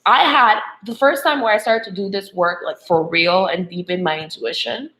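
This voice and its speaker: A woman's voice: medium pitch, normal speed, pushed and bright, a little hiss or hum, low-quality recording. A woman love coach giving a motivational spiritual talk to women, checking in with "okay?" and "right?" as she goes.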